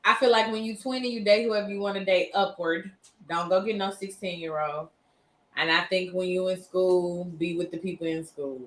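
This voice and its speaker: A woman's voice: fairly low pitch, fairly even intonation, moderate pace, a bit bright. Wry woman co-host in an echoey room. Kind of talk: casual chat.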